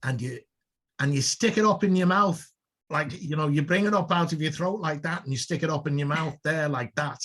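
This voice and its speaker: Older man, liverpool accent, husky voice, rambling playful talk, casual co-host. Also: on the high side, a little fast, a bit bright. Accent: Liverpool English. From Liverpool, England. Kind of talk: casual chat.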